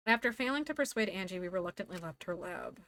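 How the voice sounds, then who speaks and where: A woman voicing a quiet, serious teenage boy detective, reading game lines and narration on stream. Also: expressive. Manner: subdued, measured, lowered. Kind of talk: game dialogue and narration read aloud. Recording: music playing behind.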